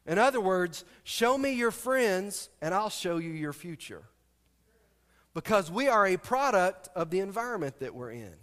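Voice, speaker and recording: A man's voice: high voice, sing-song, normal speed, a bit bright. A middle-aged man preaching a sermon as pastor, telling stories, asking the congregation questions and adding joking asides. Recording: long hall reverb.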